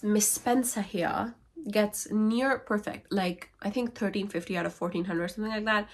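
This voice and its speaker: A woman's voice: mid-range voice, steady tone, normal speed. A woman who is a book vlogger, summarizing novels in a casual, wry and sarcastic way.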